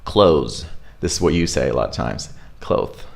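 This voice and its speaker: A man giving a live pronunciation lesson, demonstrating sounds slowly and repeating words, checking in with "right?". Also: extremely low pitch, animated, vocal fry. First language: Russian. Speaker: accent coach.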